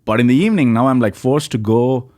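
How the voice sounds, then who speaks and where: A man's voice: mid-range voice, fast, mellow, no echo, studio quality. A man from India with an Indian accent, a stand-up comedian telling stories as a podcast guest in a rambling, casual way full of "like, you know". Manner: rambling, filler-heavy, with lots of "like, you know". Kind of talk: casual storytelling chat.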